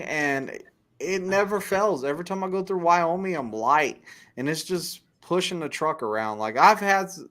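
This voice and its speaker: A man's voice: fairly high pitch, a bit bright. A man from Texas with a Texan accent, a trucker hosting a casual livestream chat and reading viewer comments aloud. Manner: talks slowly, rambling storytelling.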